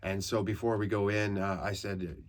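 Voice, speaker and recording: A man from Canada, a comedian hosting a podcast, telling rambling, profane stories in casual comic style that turn loud and animated in the retellings. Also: lowish voice, normal speed.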